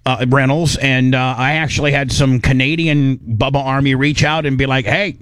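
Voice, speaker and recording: Male talk-radio host, mid-pitched, casual and rambling, dry close mic. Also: flat delivery, moderate pace, a bit bright, clean tone, no room sound. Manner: rambling, restarts, lots of fillers.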